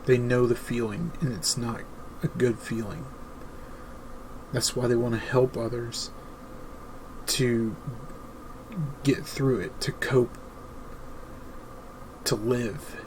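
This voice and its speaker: A man speaking slowly and deliberately at a middle pitch, delivering an earnest, emphatic advice monologue as host. Faint insect buzz sits in the background. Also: level tone, background noise.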